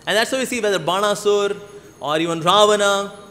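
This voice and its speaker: A man's voice: high-pitched, fairly quick, sharp tone. A man preaching a sermon, telling stories animatedly with playful asides. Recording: long hall reverb.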